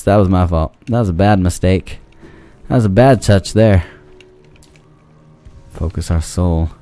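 A man's voice: low voice, dark tone. A man giving goofy gameplay commentary, talking back to the enemies on screen, yelping and pleading with them when the fight goes badly. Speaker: let's play commentator.

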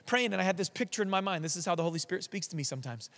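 Male pastor, high-pitched, lively sermon delivery with hushed asides, long church reverb. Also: fast. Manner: animated storytelling, drops to soft near-whispers.

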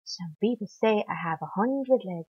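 A woman voicing a proud, boyish male centipede footballer in a storybook reading, boastful and excited. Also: medium pitch, moderate pace, slightly rough, muffled recording.

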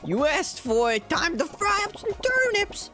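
A woman voicing a cocky, loud male vegetable sergeant with a twangy, hollering cowboy delivery. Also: very high voice, big pitch swings, unhurried, faint music behind, pitched above the performer's own voice, exaggerated voice. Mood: taunting.

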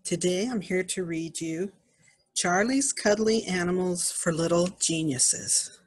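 A woman's voice: on the low side, breathy edge, no room sound. An older woman, a grandmother, reading a picture book aloud to small children, pointing out animals in the pictures. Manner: gentle, slow, pointing at pictures.

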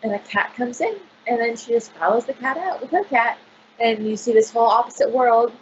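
A woman's voice: on the high side, a little fast, highs cut off, slight background noise. A woman librarian chatting casually on a video call, gushing about picture books with lots of fillers. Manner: bubbly, gushing, filler-heavy.

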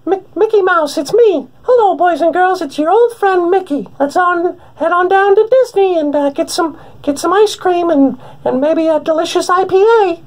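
Mickey Mouse, chirpy falsetto cartoon mouse. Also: male voice, moderate pace. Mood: cheery. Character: cheerful male cartoon mouse.

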